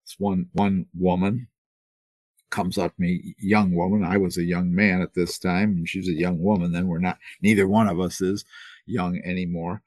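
A man's voice: low voice, flat delivery, normal speed, darkish tone, dry recording. An older man in his seventies preaching a sermon, telling stories earnestly with many restarts and repeated words. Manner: storytelling, repetitive restarts, earnest. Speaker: pastor.

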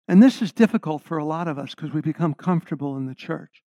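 A middle-aged man delivers a sermon, leaning hard on key words and posing questions to the congregation. His voice is fairly high, quick, and warm, with no room sound, though the recording has a slightly dull, lo-fi quality.

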